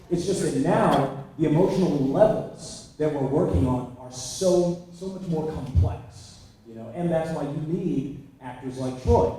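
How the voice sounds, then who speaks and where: A man's voice: on the high side, warm tone, a little hiss or hum. A man on a convention panel making his point emphatically, filling it with "you know". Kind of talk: casual panel talk. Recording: echoey hall from far off.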